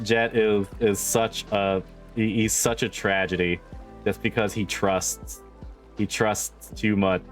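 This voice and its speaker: A man streamer chatting casually with his viewers, swearing freely and laughing often. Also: fairly low pitch. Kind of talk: casual chat with livestream viewers.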